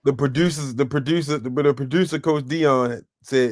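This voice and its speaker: A man's voice: medium pitch, brisk. A man hosting a podcast, chatting casually and teasing his co-host in a laid-back way. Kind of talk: casual chat.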